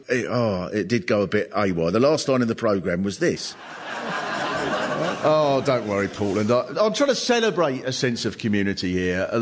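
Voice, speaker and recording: A male comedian telling comic stories in an animated way, often laughing at his own tales. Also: lowish voice. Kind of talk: comic storytelling monologue.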